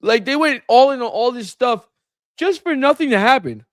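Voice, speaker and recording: A man co-hosting a casual sports chat, talking in an animated, exasperated way with big swings in pitch. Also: normal speed, no room sound. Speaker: co-host.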